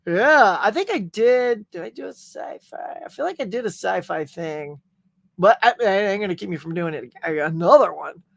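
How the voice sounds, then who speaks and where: A middle-aged man hosting a casual livestream chat, telling animated stories and reading out viewer comments. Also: high-pitched, moderate pace, gravelly, dry recording. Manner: animated storytelling, acting out quotes. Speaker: livestream host.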